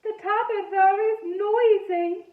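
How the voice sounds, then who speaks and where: A solemn ghost boy with a French accent, put on by a woman reading a storybook aloud. He speaks high and drawn-out, formal and a little timid. The recording is roomy and dull, with the mic set well back. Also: fairly even intonation. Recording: echoey room, mic far off, dull sound.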